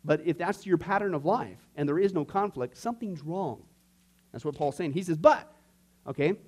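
A man's voice: on the high side, normal speed. A man teaching a Bible class in a conversational style, checking in with "okay?" and acting out inner voices. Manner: animated, frequent "okay?" asides, acts out inner voices. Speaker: pastor teaching a discipleship class.

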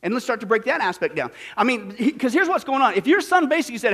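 Animated, high-voiced preacher from Kansas. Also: male voice, fast talker, few pauses. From Kansas, USA. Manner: animated, swinging from loud bursts to hushed asides; acts out quoted voices. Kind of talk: sermon.

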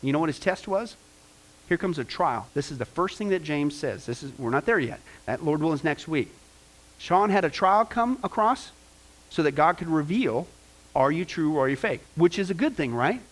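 A fairly high-pitched man preaches to his congregation in an easygoing, conversational way. He rambles as he goes and keeps checking in with the room with quick "okay?" and "you know what I'm saying?" asides. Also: big pitch swings, low-quality recording. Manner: informal, rambling delivery with many okays and you-knows. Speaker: pastor. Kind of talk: sermon.

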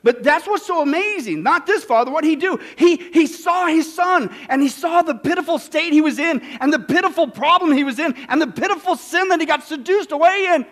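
Animated male pastor from Kansas, high voice, jokey sermon delivery, loud-to-hushed swings. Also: fairly quick, hardly any pauses. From Kansas, United States. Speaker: pastor teaching a Bible study.

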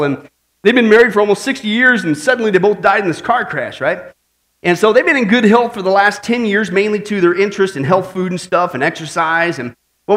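A male preacher with a high voice delivers a lively sermon. He tells jokes and keeps asking his listeners questions. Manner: animated, tells jokes, asks the congregation questions. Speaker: pastor.

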